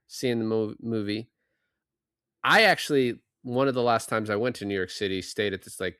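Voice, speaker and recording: A man's voice: lowish voice, a bit bright, dry recording, clean studio sound. A man co-hosting a podcast, casually retelling film scenes and acting out the characters' lines. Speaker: podcast co-host.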